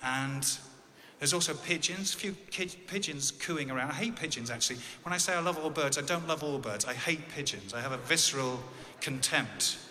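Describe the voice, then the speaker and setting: A man's voice: on the high side, normal speed, bright, forceful tone, in a large hall. An English man telling a personal story in a conversational way with dry, wry humor. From England.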